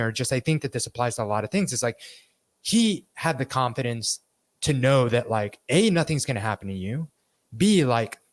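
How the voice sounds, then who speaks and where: A man's voice: mid-range voice, no echo. A man co-hosting a podcast, asking follow-up questions in a casual, probing way. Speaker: podcast co-host.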